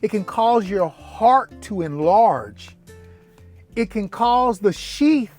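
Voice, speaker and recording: A man in a casual vlog, telling a story from his own life with a lively, animated delivery. He acts out the dialogue and jumps to a much higher pitch when incredulous. Faint music plays underneath. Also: slow. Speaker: vlogger.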